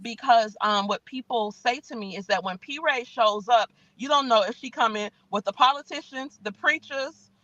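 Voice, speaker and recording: Woman, podcast guest, animated, folksy, dry close sound. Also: on the high side, normal speed, hardly any pauses, dry recording, dull audio. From Chicago, US. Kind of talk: conversational interview. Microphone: podcast mic.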